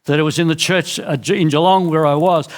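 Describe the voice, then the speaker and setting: A man's voice: fairly even intonation, a little fast. Earnest Australian man preaching. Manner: earnest, with frequent restarts and drops in pitch. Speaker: pastor. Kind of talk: sermon. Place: church.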